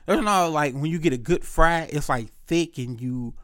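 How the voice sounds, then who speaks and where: A young man, telling a story in a casual rant, animated and profane, acting out both sides. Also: a little high, normal speed, no room sound.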